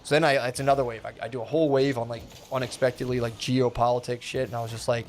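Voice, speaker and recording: A young man telling a long story in a loose, rambling way, full of filler words and swearing, acting out the people he quotes with sudden jumps in pitch. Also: steady tone, quick pace, darkish tone, a little hiss or hum. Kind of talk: casual storytelling.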